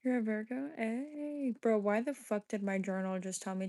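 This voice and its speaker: A woman's voice: on the high side, steady tone, moderate pace, dark tone. Foul-mouthed woman streaming from her phone. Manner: profane, confrontational, heavy cursing. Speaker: livestream host. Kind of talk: casual livestream chat, reading chat. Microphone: phone held away from face.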